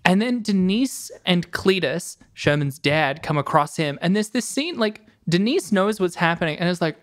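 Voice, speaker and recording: A woman co-hosting a casual film podcast, earnestly walking through plot points with lots of fillers. Her voice sits a bit low for a woman. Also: lively intonation, moderate pace, few pauses. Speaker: podcast co-host. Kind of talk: casual film review chat.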